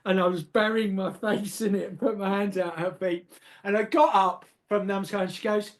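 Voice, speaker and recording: A man's voice: sits high, fairly even intonation, a little fast. An older man from England tells a personal story in a casual interview, hesitant and often repeating words, laughing at himself.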